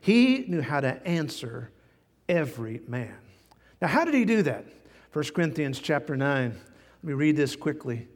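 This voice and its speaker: A man preaching a sermon as pastor, folksy and animated, chuckling now and then at his own jokes. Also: fairly high pitch, unhurried, big-room sound.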